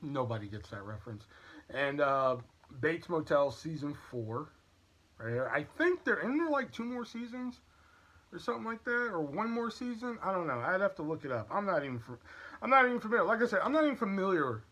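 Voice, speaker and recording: Bright-voiced man chatting on camera. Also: high voice, sing-song, fairly quick. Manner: candid, chatty, rambling. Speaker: YouTube channel host. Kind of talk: casual product review and haul vlog.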